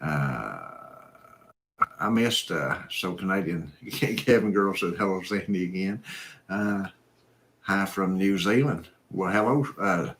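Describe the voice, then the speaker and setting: A man's voice: deep voice, a little slow, fairly bright tone. A man hosting a live stream, reading viewer comments and chatting in an easygoing, folksy, rambling way. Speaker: host.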